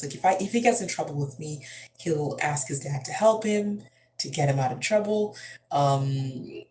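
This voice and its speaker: A woman's voice: sits low, a little mellow, a little hiss or hum, low-quality recording. A woman, a mother, telling a home story in a chatty, rambling way, full of asides and fillers. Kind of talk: casual storytelling vlog.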